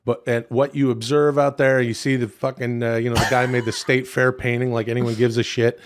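A male podcast co-host from Canada talks in a casual chat. He is animated and profane and keeps restarting his sentences, with a pitch in the middle of the male range. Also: fairly quick.

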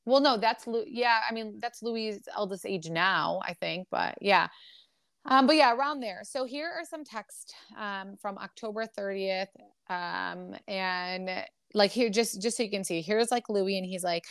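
A young woman hosts a gossip podcast and talks in an animated way, full of fillers and blunt swearing as she reads messages aloud. Her voice sits in a mid register. It is recorded close to the mic and dry, with no room sound. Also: mid-range voice, moderate pace, smooth, dry recording. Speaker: podcast host. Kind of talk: casual gossip chat, reading texts aloud.

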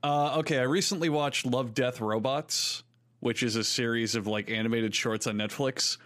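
Animated storytelling man, podcast co-host. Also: medium pitch, normal speed. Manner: animated storyteller, acts out movie lines. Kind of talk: casual chat.

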